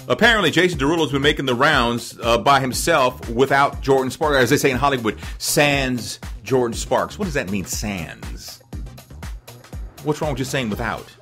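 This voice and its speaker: A man runs his own celebrity-news podcast, talking loosely and riffing on each story. His voice is bright and forceful. He wanders off on tangents and chuckles at his own jokes. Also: medium pitch. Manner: chatty, rambling, laughs at his own jokes. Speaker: podcast host. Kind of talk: casual celebrity news commentary.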